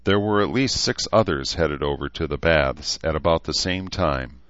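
A man with a very deep voice narrates a novel in an even, steady manner. The recording is close and dry, with slightly dulled highs. The delivery stays plain throughout. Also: moderate pace, no room sound, lo-fi sound. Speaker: audiobook narrator. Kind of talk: scripted narration.

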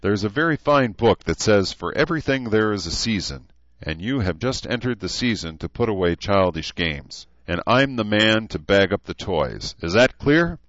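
A seasoned gunnery sergeant lectures his recruits in a formal, commanding tone, as a male narrator plays him. The voice is low. The recording is dull and dry, close to the mic. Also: expressive, moderate pace, a bit bright, dry recording.

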